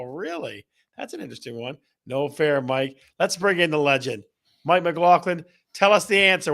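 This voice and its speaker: A man hosting a live online show, energetic and repetitive, rattling off viewer answers like an auctioneer. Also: fairly high pitch, creaky. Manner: energetic, auctioneer-like, repeats questions. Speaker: host. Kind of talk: livestream show host reading chat.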